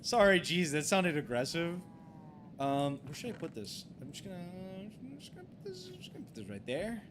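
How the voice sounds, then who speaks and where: A man with a fairly high voice chats on a late-night game stream, thinking out loud in loose, restarting sentences. When things go wrong he swears and begs in a flustered rush. A faint hiss sits under his voice. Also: sing-song, normal speed. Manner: rambling, full of fillers and restarts. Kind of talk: casual late-night gaming livestream chat.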